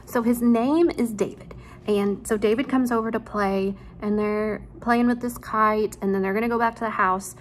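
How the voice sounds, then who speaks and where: A woman's voice: fairly high pitch, steady tone, normal speed. Woman, teacher, casual chat, informal, frequent asides, recorded at home, faint background noise. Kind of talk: casual chat and story retelling to students. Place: at home, near a laundry room.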